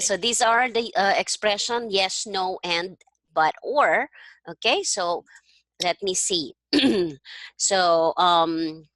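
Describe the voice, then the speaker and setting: A woman's voice: on the low side, fairly bright tone, dry recording. A woman language tutor, a native Tagalog speaker, giving a one-on-one online lesson. She is encouraging and checks understanding with a frequent "okay?". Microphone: video call.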